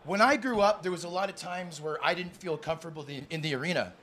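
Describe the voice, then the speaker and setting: A man's voice: on the high side, quick pace. A young man hosting a live podcast taping, hyping up his guests like an announcer before settling into earnest talk. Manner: excitable, announcer-like. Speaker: podcast host. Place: sports bar studio.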